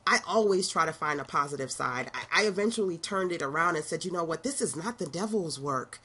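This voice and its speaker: A middle-aged woman speaks as a motivational business coach in a sassy, preaching, conversational way. Her voice is husky and sits a little low for a woman. She drops slangy asides as she talks. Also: animated, fairly quick, pushed and bright. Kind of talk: motivational talk to camera.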